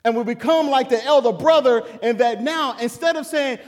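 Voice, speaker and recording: A man preaching a sermon in a church, animated and humorous, chuckling through personal stories. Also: very high voice, fairly quick, few pauses, in a large hall.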